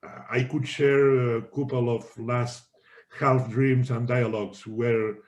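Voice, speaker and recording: A man's voice: medium pitch, little pitch movement, slow pace, darkish tone. A man in a study group discussion, sharing his experience in careful, slightly unusual phrasing. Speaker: group member.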